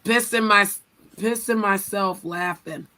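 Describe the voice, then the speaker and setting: An American woman hosting a live stream, loud and laughing, swearing freely and bossing her friends into a game. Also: mid-range voice, takes it slowly. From United States. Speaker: streamer host. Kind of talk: casual stream banter.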